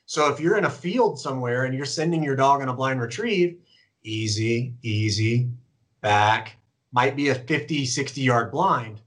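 A man speaking as a podcast guest, explaining training methods in a relaxed, casual way. He talks at a middle pitch and fills his pauses with ums and you-knows. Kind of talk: casual conversation.

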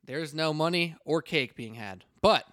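A man's voice: on the high side, lively intonation, a little slow, fairly bright tone, no room sound, clean studio sound. A man hosting a casual sports podcast, joking and rambling with frequent restarts. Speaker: podcast host. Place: indoors at a table with a co-host.

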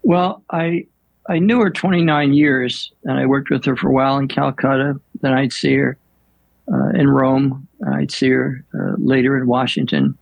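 An older man, a priest, telling stories in an unhurried, reflective way with many pauses and fillers. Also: medium pitch, vocal fry, no room sound, highs cut off. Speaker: priest guest. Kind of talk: storytelling in an interview.

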